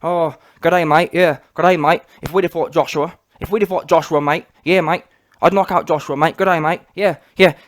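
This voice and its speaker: A man's voice: fairly high pitch, steady tone, moderate pace, voice pushed down, lightly acted. A man mimicking a boastful male boxer with a mock Australian accent, repeating the same catchphrases in a sing-song, mocking way.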